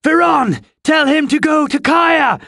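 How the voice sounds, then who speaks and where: A fierce young woman warrior in an audiobook, shouting commands in the middle of a battle, voiced by a man. Her voice sits well above the reader's own, loud and strained. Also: very high voice, measured pace, no echo, studio quality, pitched above the performer's own voice, heavily acted. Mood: urgent.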